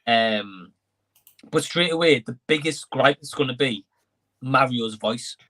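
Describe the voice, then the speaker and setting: Bright-voiced man co-hosting a stream. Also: mid-range voice, unhurried. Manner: conversational, thinking aloud with fillers. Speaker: co-host of entertainment live stream. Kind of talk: casual chat.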